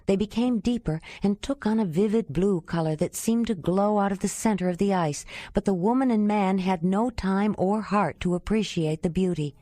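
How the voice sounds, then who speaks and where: A woman reading a novel aloud as an audiobook narrator, measured and even. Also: mid-range voice, no echo. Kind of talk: scripted narration.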